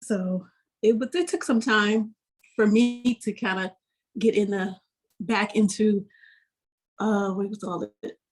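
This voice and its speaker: Woman answering in halting phrases. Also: mid-range voice, fairly even intonation. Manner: halting, searching for words. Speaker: guest. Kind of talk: interview answer.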